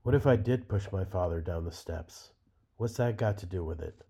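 A man's voice: low voice, normal speed, mellow, heavily acted. A man voicing an angry, cursing middle-aged husband in a novel reading. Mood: resentful. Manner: gruff, cursing, indignant. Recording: dull lo-fi recording.

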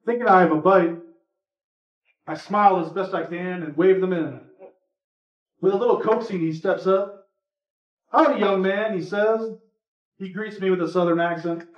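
A man at a live reading, reading a personal story aloud in a relaxed, conversational way. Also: sits high, normal speed, long pauses. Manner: relaxed, conversational, a few fillers between parts. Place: indoor reading event. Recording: echoey room, from far off, muffled.

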